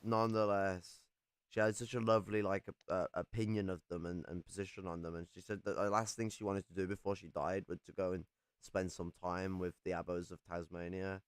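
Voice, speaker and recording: Rambling, crude young man, smooth deep voice. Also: level tone, a little fast, no room sound. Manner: rambling, crude, swears a lot. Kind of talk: casual chat.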